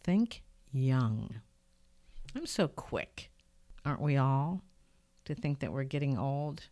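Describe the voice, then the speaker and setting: A bass-voiced older woman, talking a little slowly, hosts a podcast from her home studio and shares a personal story with earnest reflection. Whenever she relates events, she becomes lively. The studio-microphone recording is dry.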